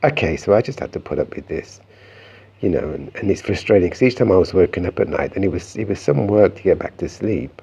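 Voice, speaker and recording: A man's voice: low-pitched, animated, a little fast, creaky, dark tone, slightly rough, muffled recording. A man telling a reflective personal story in a meandering, conversational way, often restarting his sentences. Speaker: vlogger.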